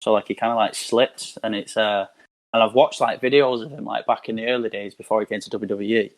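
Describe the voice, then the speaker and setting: Male guest with a low voice, loose and rambling in casual chat. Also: steady tone, brisk. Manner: rambling, heavy use of "like". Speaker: podcast guest.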